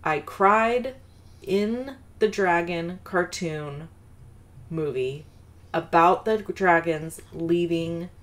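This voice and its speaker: Low-voiced chatty woman crafting host. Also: slow pace. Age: adult mother of a daughter. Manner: rambling and self-deprecating, with fillers and asides. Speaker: card-making video host. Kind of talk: chatty crafting tutorial with personal story.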